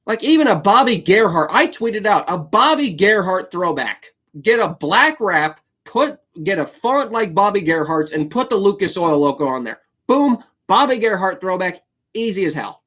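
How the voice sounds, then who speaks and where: A man's voice: sits high, very animated, moderate pace, few pauses, fairly bright tone, husky. A man hosting his own solo video show, talking casually and slipping into a heated, apologetic rant. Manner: ranting, apologetic, fired up; frequent fillers and restarts. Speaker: YouTube host.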